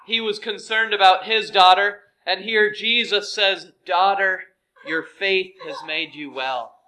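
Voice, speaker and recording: Slow, bright-voiced male preacher. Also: high voice, poor audio. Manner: slow, earnest, with dramatic soft drops. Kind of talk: sermon.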